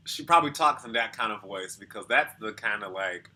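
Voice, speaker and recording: A man's voice: fairly low pitch, lively intonation, brisk, hardly any pauses, pushed and bright. A man talking as a vocal coach in casual reaction commentary, explaining thoughtfully with lots of hedging and sometimes singing short demos.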